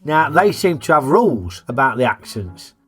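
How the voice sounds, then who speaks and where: A man's voice: medium pitch, very animated, normal speed, fairly bright tone, faint music behind. A man, hosting a casual, jokey film review in a chatty, plain-spoken way.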